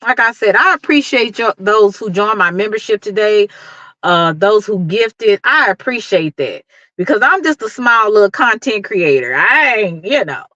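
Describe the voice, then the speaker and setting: A woman's voice: mid-range voice, lively intonation, normal speed, bright, forceful tone, no room sound, dull audio. A middle-aged woman with a Dallas accent, giving an emphatic, preachy motivational talk to her livestream viewers and laughing often. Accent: Dallas, Texas. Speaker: YouTube livestream host.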